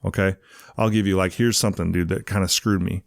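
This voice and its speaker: A man's voice: deep voice, steady tone, fast talker, creaky, no room sound, clean studio sound. A man speaking as a podcast guest, laid-back and slangy, often calling the host "dude". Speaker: guest, donut shop owner. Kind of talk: casual interview chat.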